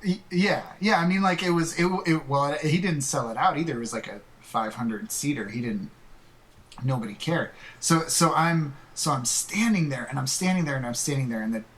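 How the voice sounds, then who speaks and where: Guy guesting on a podcast, kinda high voice, stammery animated storyteller. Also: normal speed. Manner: animated anecdote teller, stammering restarts. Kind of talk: casual storytelling.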